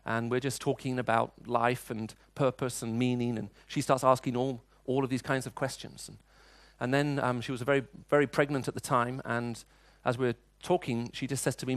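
Speaking at a moderate pace in a level, mid-range voice, a middle-aged preacher tells personal stories during his sermon. His delivery is chatty and full of restarts, captured in a dry recording with no echo.

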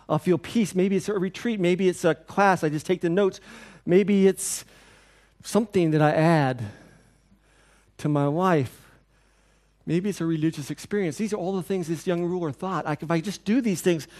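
A pastor preaching a sermon in a church, with an earnest, repetitive cadence. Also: male voice, high-pitched, a little mellow.

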